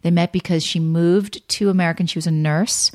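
A woman's voice: lowish voice, steady tone, brisk, darkish tone, no room sound, studio quality. A woman from New Jersey, a podcast guest telling candid, self-mocking stories in casual chat.

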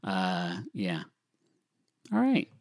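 Animated man on a podcast. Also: very slow, vocal fry, no room sound, studio quality. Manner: animated, jumps high when incredulous. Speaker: podcast co-host. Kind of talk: casual chat.

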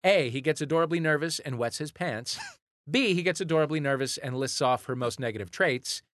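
A man hosting a comedy quiz show in a studio, talking in animated, exasperated rants. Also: fairly high pitch, brisk, no echo. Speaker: quiz host.

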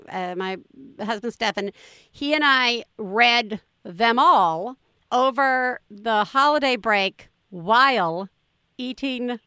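A woman in her forties hosts a casual podcast chat, enthusiastic and quick to laugh. Her voice is a little high, bright and crisp, and sounds dry and close. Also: no echo. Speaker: podcast host.

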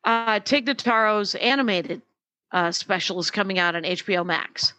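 Bright-voiced woman, rambling casual chat. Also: mid-range voice, normal speed, no echo. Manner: meandering, lots of fillers and restarts. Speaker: podcast co-host, comedian.

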